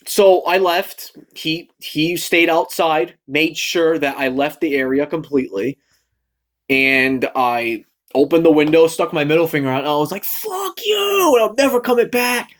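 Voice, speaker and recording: A young Massachusetts man who vlogs launches into a casual, rambling storytelling rant at normal speed, his voice a little high. He's animated, full of fillers and restarts, and acts out the lines he quotes.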